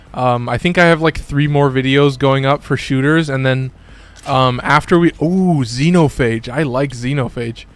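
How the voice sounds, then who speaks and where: A young man commentating casually on his live stream, rambling and excitable, often saying "like", with the odd curse. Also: medium pitch, smooth.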